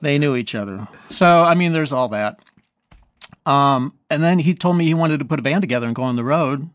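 A man's voice: a little high, fairly quick, dry recording, clean studio sound. A man, a saxophonist guest, telling rambling, self-deprecating stories and chuckling often. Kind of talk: anecdotal storytelling in conversation.

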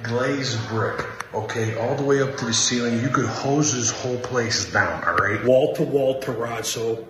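A man's voice: medium pitch, close to an everyday voice. A man voicing a brash blue-collar Chicago guy with an exaggerated Chicago accent, touring a public bathroom. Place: park field house bathroom. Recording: echoey tiled room, noisy.

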